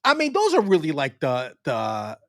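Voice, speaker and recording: A man co-hosting a casual sports podcast with a New York accent, talking in an animated way with frequent swearing and restarts. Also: fairly high pitch, normal speed, dry recording, clean studio sound. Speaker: podcast co-host.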